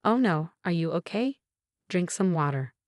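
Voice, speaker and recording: A woman's voice: on the low side, animated, normal speed, no echo, studio quality, natural voice. A woman reading as a spiteful young husband. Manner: frantic.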